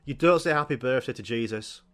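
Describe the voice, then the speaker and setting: A man, telling crude, animated comic stories as a podcast host and swearing freely. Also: mid-range voice, a little fast. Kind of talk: comic storytelling monologue.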